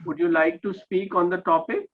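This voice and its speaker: This man's voice sits high, with fairly even intonation and a normal speed. He speaks Indian English while teaching an online class, patiently correcting students and frequently checking with "okay?", all over dull, lo-fi video call audio.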